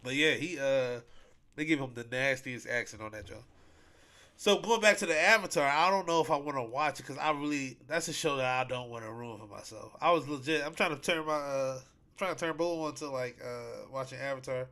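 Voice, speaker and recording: A man's voice: medium pitch, fairly quick, bright, forceful tone. A man hosting a podcast, chatting casually in a rambling, repetitive way with lots of slang and fillers. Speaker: podcast host. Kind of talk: casual solo podcast chat.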